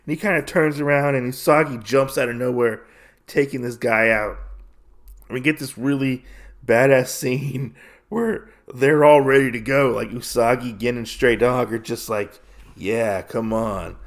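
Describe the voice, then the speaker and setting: Gravelly man casually recapping a comic. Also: mid-range voice, fairly even intonation, normal speed. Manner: rambling, lots of fillers. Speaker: podcast host.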